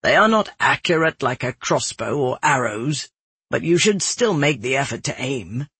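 A man voicing a stern, measured male caravan guard captain who gives terse, carefully worded instructions, with a slightly husky voice. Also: mid-range voice, sing-song, pushed and bright, dry recording, full character voice.

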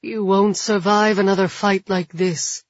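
A woman's voice: medium pitch, steady tone, measured pace, dry recording, lo-fi sound, natural voice. Woman voicing a grave, blunt older woman.

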